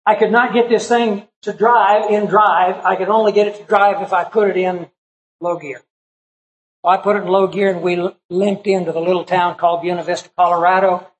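A man's voice: sits high, level tone, a little fast, rough recording. A middle-aged man, a pastor, telling a personal story in a sermon in a folksy, conversational way, acting out the people he quotes.

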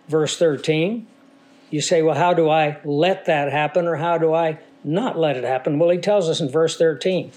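A man preaching a sermon in a somewhat higher-than-usual voice, leading his listeners along with rhetorical questions. He sounds a little congested and stuffy. His delivery is the steady, explaining tone of a teacher. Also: unhurried. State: congested from a sinus infection. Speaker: pastor.

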